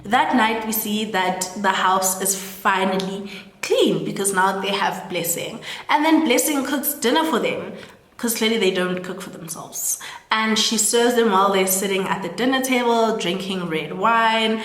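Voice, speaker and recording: A young South African woman recaps a story in a chatty, meandering way, peppering her talk with "like". Her mid-pitched voice bounces around a roomy space with a long reverb tail. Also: unhurried, a bit bright. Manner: chatty, full of "like" and laughing asides. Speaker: storytelling host. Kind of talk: casual film recap.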